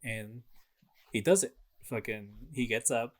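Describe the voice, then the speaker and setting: A young man co-hosting a podcast, excitedly retelling a video game's plot in casual chat and swearing freely. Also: mid-range voice, measured pace. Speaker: podcast co-host.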